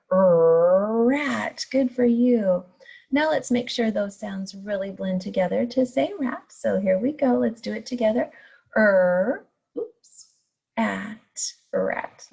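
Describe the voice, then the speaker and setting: A woman teaching young children a phonics lesson, stretching out letter sounds in a slow sing-song way. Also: medium pitch, vocal fry, darkish tone, husky. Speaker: kindergarten teacher. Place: home recording for distance learning.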